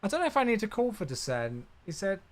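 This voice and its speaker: A man's voice: high voice, wildly swooping pitch, quick pace. A young man chatting casually on a live stream while flying a simulator, reacting aloud and answering viewers. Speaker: flight sim streamer.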